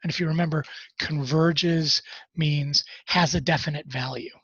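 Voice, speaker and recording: A man's voice: a little high, fairly even intonation, a little slow, a bit bright, husky, dry recording, lo-fi sound. A man teaching a college math class, talking through problems in a casual way with wry asides. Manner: conversational, self-deprecating asides while working problems. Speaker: math instructor. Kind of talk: recorded class lecture.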